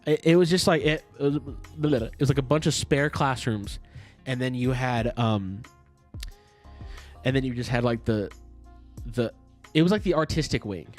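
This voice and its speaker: A man's voice: medium pitch, normal speed, soft background music. A young man in his twenties co-hosting a podcast, telling a long story in a rambling, profane way and laughing along as he goes. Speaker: podcast co-host. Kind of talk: casual storytelling chat.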